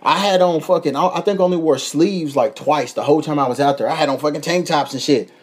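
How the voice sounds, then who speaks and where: A young man, a podcast host telling a profane, animated travel story in casual chat, laughing often. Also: fairly high pitch, fast. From United States.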